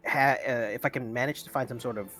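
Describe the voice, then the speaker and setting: A man's voice: medium pitch, steady tone, fast, a bit bright, soft background music. A man playing a tabletop role-playing game, talking in a hesitant, chatty way. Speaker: player. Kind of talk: casual tabletop play.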